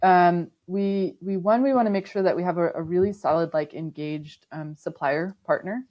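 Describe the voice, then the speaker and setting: A woman's voice: lowish voice, moderate pace, lo-fi sound. A woman guest on a podcast interview, explaining her work thoughtfully with frequent ums and restarts. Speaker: sustainability manager, podcast guest. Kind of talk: conversational interview.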